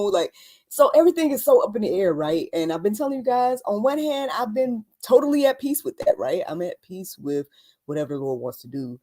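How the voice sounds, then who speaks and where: A young adult woman hosting a casual faith talk livestream, chatty and animated, laughing often and speaking with many fillers. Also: mid-range voice, brisk. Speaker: host.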